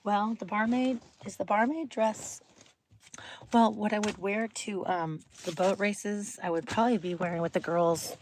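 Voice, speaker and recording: Over a little hiss or hum, a woman speaks at a measured pace in a darkish, medium-pitched voice with fairly even intonation. She's hosting a casual home livestream, chatting with viewers, rambling as she thinks aloud and frequently lowering her voice to a whisper.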